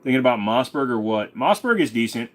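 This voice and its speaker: A man's voice: mid-range voice, very animated, fairly quick. A male host in a casual livestream chat, laid-back, joking and profane.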